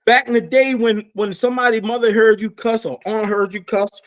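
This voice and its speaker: High-voiced man telling animated stories. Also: fairly quick. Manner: animated storytelling, swearing, laughing often. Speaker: podcast co-host. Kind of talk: casual chat. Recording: dull lo-fi sound.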